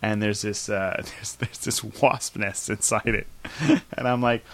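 Lively man telling a story. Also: medium pitch, takes it slowly. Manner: animated storyteller, acts out quotes, laughs often. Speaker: podcast co-host. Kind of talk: casual storytelling chat.

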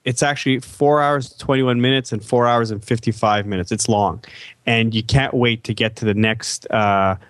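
A man's voice: medium pitch, steady tone, moderate pace, a bit bright, no echo. A man co-hosting a casual podcast chat, rambling and often repeating words as he talks. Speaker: podcast co-host.

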